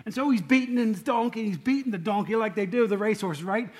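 Quick and high-pitched, this lay preacher keeps his sermon light and chatty, cracking jokes and frequently questioning the congregation.

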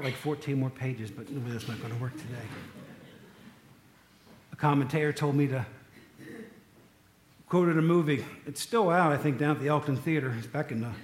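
A man's voice: fairly high pitch, echoey room. A man preaching a sermon, telling stories in a loose, conversational way with asides to the congregation. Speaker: pastor.

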